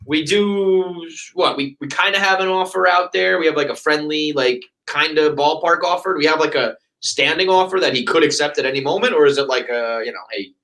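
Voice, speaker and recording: A man hosting a casual sports podcast, ranting with heavy profanity and lively quoted asides. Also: a little high, fairly quick, few pauses, low-quality recording. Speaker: podcast host.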